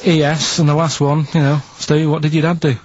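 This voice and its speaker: A man reading out quiz clues on a radio show in a studio, in a plodding, rambling, deadpan way. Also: on the high side, fairly quick, no room sound. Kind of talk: casual radio banter. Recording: dull dry lo-fi radio broadcast.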